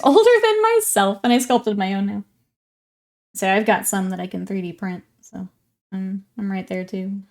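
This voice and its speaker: A woman's voice: medium pitch, a little mellow. A woman in her twenties chatting casually with stream viewers while working on a hobby project, laughing often and welcoming people in. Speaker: livestreamer.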